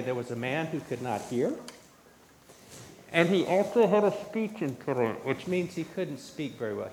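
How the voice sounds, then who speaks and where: A man giving a children's sermon in church, questioning the children as he talks. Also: fairly high pitch. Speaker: pastor. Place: church sanctuary. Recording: echoey church with faint room noise.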